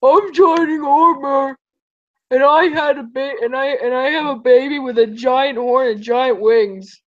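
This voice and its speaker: A goofy male unicorn prince from a cartoon drawls along in a slow, dopey voice, as a woman fakes a boy's tone. The audio sounds muffled and dull. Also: high voice, steady tone. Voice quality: slow, deliberately dopey boy voice.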